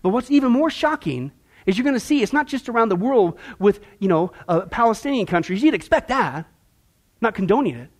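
A man's voice: sits high, big pitch swings, a little fast. A man teaching Bible prophecy as a preacher, emphatic and conversational with sarcastic asides.

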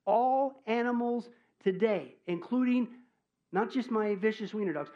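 A man preaching a sermon as pastor, joking and animated, swinging from loud exclamations to hushed asides. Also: sits high, unhurried, dull audio.

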